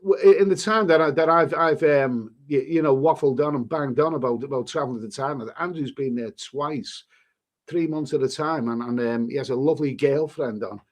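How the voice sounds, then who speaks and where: A middle-aged British man hosts a travel livestream, chatting casually as he reads out viewer messages. His voice sits at a medium pitch and moves at a moderate pace, rambling along with restarts and a bit of mild swearing.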